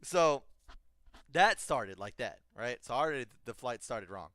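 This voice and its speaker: A man's voice: mid-range voice, expressive, normal speed, sharp tone, dry recording. A man co-hosting a podcast, telling a casual, profanity-laced comedic anecdote. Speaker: podcast co-host.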